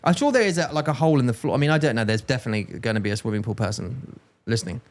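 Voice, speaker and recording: A man's voice: medium pitch, expressive, very fast. A British man co-hosting a podcast in casual chat, rambling and correcting himself with a joking tone. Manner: rambling, self-correcting, jokey. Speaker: podcast co-host.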